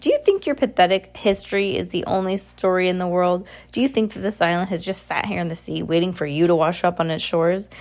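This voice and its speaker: A woman's voice: fairly low pitch, a little fast, hardly any pauses, darkish tone, close to an everyday voice. Woman doing a male villain, storybook reading, growling, mocking, contemptuous. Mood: sneering. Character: scheming sneering adult male villain.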